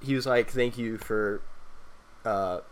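Excitable young man chiming in. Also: mid-range voice, slow pace, noisy background. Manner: excitable, jumps in to retell. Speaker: friend in a group chat. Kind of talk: casual chat.

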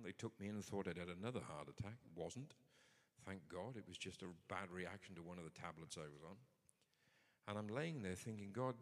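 Low-voiced man preaching, chatty then punchy, long hall echo. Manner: conversational, emphatic, builds to forceful points. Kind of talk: sermon.

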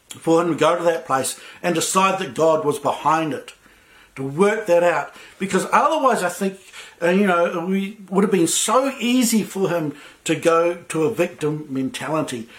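High-voiced man preaching a casual sermon. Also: a bit bright. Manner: conversational, with many fillers and restarts. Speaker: pastor.

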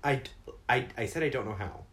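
A woman with an unusually deep voice co-hosts a casual podcast and teases in a dry, joking way. Her pitch swings widely as she talks. A faint hiss sits behind her. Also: expressive, brisk. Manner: dry, teasing jokes. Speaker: podcast co-host.

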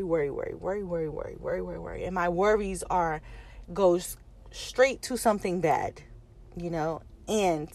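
Chatty woman with a lowish voice. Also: darkish tone. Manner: chatty, many fillers and restarts. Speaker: vlogger. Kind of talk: casual personal storytelling.

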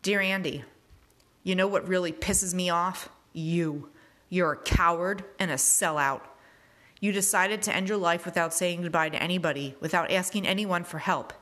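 A woman's voice: on the low side, normal speed, fairly bright tone, lightly acted. Gerald, a woman reading as a bitter hurt teen boy. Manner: accusing, rhetorical questions. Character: angry hurt teenage boy, bitter and raw. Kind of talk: reading a novel aloud.

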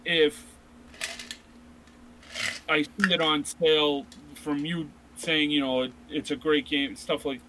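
A man's voice: on the high side, flat delivery, slow, long pauses, background noise. A man in his thirties co-hosting a casual chat about video games, rambling with many restarts. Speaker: podcast co-host.

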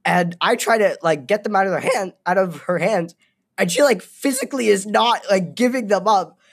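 A woman's voice: mid-range voice, normal speed, husky. A young woman co-hosting a casual podcast, telling stories with laughs and acted-out quotes. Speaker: podcast co-host. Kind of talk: casual chat.

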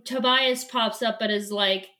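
A woman with a fairly high voice, chatting casually as she recaps a book chapter. She retells scenes playfully and slips into quick put-on lines for the characters. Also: fairly even intonation, sharp tone. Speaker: podcast co-host.

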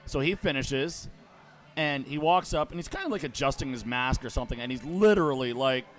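A man from Canada on a podcast, telling a story in casual chat and acting out the quotes loudly. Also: mid-range voice, a little fast. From Ottawa, Canada. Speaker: podcast host.

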